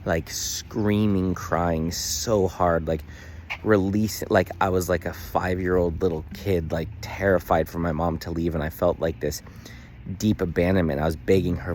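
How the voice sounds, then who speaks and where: Earnest male vlogger, very low voice, phone camera outdoors, faint hiss behind. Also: fairly even intonation, normal speed, darkish tone. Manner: earnest, emotional, many fillers. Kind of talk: casual daily vlog. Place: outdoors in the sun.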